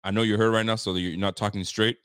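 A man's voice: on the low side, little pitch movement, fast talker, a bit bright, clear, resonant tone, dry recording, studio quality. A man hosting a casual sports talk show, teasing and often laughing. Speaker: podcast host.

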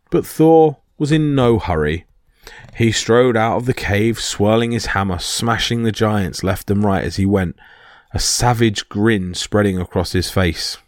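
A man hosting a podcast, reading a myth as steady scripted storytelling. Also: on the low side, unhurried, no echo, studio quality. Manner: steady reading with small slips. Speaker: podcast host and narrator.

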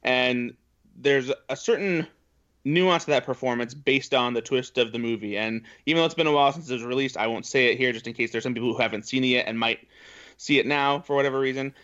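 A man on a film podcast panel, talking in a measured, explanatory way with some fillers. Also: medium pitch, a bit bright. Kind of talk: casual chat. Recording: dull lo-fi audio.

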